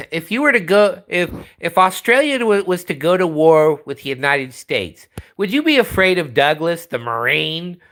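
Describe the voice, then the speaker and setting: Brief: male stream host, profane rambling rant, very animated intonation. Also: a little high, normal speed, hardly any pauses. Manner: profane, rambling, restarts often. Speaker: livestream host. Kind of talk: casual livestream rant.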